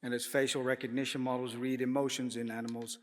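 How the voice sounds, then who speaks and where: A man giving a prepared panel talk, measured and hesitant, with frequent "uh"s and throat clearing. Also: mid-range voice, level tone. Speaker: panel speaker, architect. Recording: echoey lecture hall.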